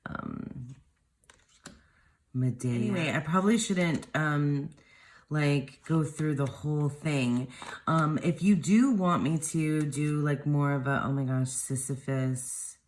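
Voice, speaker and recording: A woman's voice: deep voice, takes it slowly, a little mellow. A woman vlogger chatting casually as she unboxes tarot decks, rambling and cutting herself off mid-sentence. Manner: rambling, self-interrupting, gushing.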